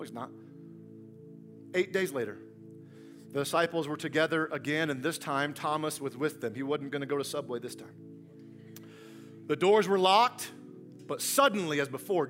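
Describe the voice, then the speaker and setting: Dynamic high-voiced male preacher. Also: lively intonation, normal speed, long pauses, soft background music. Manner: dynamic preacher, storytelling with humor, swings from hushed to loud. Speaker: pastor. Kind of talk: sermon.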